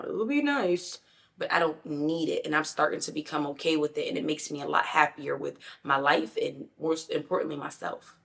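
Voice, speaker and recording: A woman's voice: low-pitched, creaky, a bit bright. A young adult woman talking candidly and emphatically to her viewers in a casual self-help vlog. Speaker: lifestyle vlogger.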